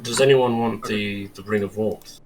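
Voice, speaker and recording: A man's voice: on the low side, steady tone, moderate pace, faint music behind, poor audio. A man playing in a tabletop game, making dry joking asides. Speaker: player. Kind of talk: casual tabletop game chat.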